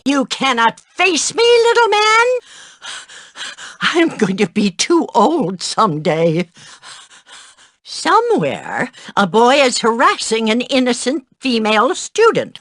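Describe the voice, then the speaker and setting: A woman's voice: a little high, a bit bright, no room sound, clean studio sound, exaggerated voice. An actress playing a prim, scolding, power-hungry female dorm matron in a video game.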